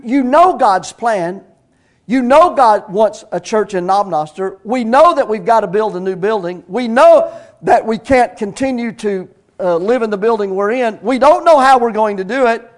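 A middle-aged pastor preaches a sermon. His voice sits high for a man. He talks in a folksy, storytelling way that builds into bursts of praise. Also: normal speed.

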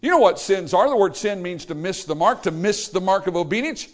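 Animated, high-pitched male preacher. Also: brisk, hardly any pauses. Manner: emphatic, repetitive preaching cadence. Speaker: pastor. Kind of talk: sermon.

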